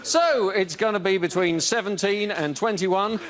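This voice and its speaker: A man's voice: high-pitched, unhurried. A man with speech doing blunt, sweary mock weather-forecast gags on a comedy panel show. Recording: studio audience and noise.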